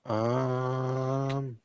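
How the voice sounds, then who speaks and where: A man hosting a casual online debate stream, laid-back and quick to laugh. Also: mid-range voice, a little mellow, a little hiss or hum. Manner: laid-back, laughs often, talks with food in mouth at times. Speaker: stream host and debate moderator.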